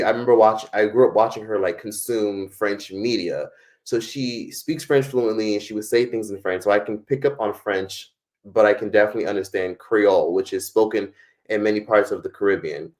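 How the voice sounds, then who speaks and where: A man's voice: fairly low pitch, darkish tone. A young American man hosting a live stream, talking casually in a rambling, profane way with lots of fillers. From United States.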